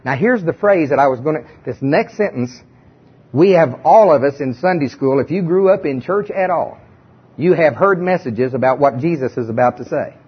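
Husky high-voiced man preaching. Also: expressive, moderate pace. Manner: conversational, emphatic, asks the audience questions. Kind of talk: sermon. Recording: dull lo-fi recording.

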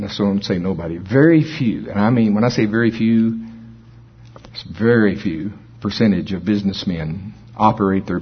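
A slightly rough, lowish male voice belongs to a preacher in his sixties who tells stories in a folksy style and laughs at his own jokes. The recording is dull and lo-fi.

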